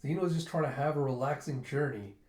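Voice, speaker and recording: A man's voice: medium pitch, a little fast, a little mellow, natural voice. A man voicing a cheerful, carefree young male dragon who speaks of himself by name, in a comic-book reading. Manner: easygoing, talks of himself by name. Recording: roomy echo.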